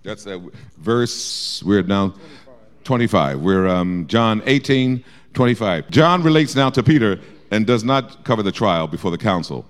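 A man teaching a Bible study, explaining verses and acting out quotes in a lively way. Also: lowish voice, measured pace, clear, resonant tone. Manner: lively, acts out quotes with shifting voice.

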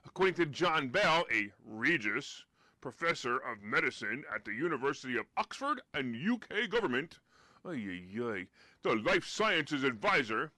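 A man from the United States hosting a live-streamed finance talk show, giving emphatic, sarcastic commentary that gets loud on his punchlines. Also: mid-range voice, very animated, normal speed, dry recording.

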